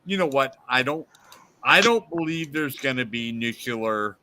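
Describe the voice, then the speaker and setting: A Midwestern man with a bright, forceful voice that swings widely in pitch as he jokes around. He comes across as reassuring and playful in a casual chat with friends. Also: unhurried. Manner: lively, joking, reassuring. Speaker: guest.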